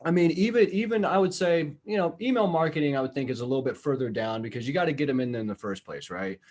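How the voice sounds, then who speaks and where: A man's voice: fairly high pitch, quick pace, a little mellow. A man chatting on a podcast in a loose, blunt way, full of fillers and the odd curse. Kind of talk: casual podcast chat.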